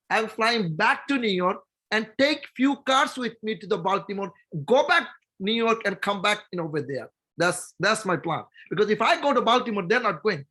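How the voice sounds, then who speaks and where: Bangladeshi guy, high voice, pumped-up motivational story on a group call. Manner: storytelling, animated and persuasive, talking to the listeners directly. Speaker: company executive speaking on a group call.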